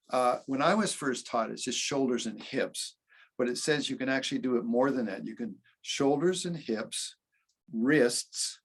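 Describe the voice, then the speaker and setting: A man giving a casual spoken commentary on meditation practice, conversational, often pausing on "okay". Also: fairly low pitch, husky. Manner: conversational, with many restarts and "okay". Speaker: meditation teacher.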